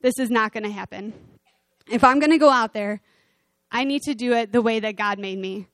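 An eager young shepherd boy speaks up earnestly, fairly high and bright in tone, as a woman preacher plays him. Close, dry sound. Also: moderate pace, no room sound, natural voice. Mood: determined. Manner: earnest, questioning.

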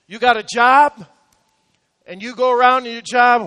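Male pastor, high voice, echoing church hall, hammering sermon points. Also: moderate pace, sharp tone. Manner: emphatic, repetitive exhortation.

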